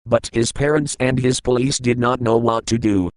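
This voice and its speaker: A man in a hotel room reading a children's picture book aloud, plain and halting, with small grammar slips. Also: medium pitch, no echo, low-quality recording.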